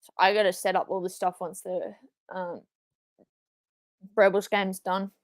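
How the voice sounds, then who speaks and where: A young Australian woman streaming a live wrestling watchalong, excitable, swearing and shouting at big moves. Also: mid-range voice, unhurried, dry recording. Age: young adult.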